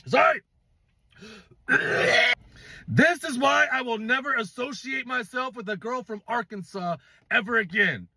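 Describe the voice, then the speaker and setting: A man's voice: very high-pitched, unhurried, gravelly, long pauses, pushed and bright, slight background noise. A man from California telling a dating story in a casual storytime vlog, blunt and profane, asking viewers to judge him.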